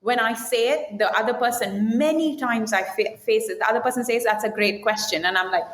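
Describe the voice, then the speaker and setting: Woman executive guest, direct and animated, recorded with room echo. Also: a little high, fairly quick, slight background noise. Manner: direct, animated, quoting herself and others. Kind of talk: podcast interview. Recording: echoey room.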